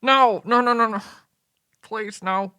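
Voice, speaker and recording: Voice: medium pitch, slow, pushed and bright, clean tone. A tabletop player voicing a distraught young trainer, pleading and crying out in denial. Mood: desperate grief. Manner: pleading, breaking into cries.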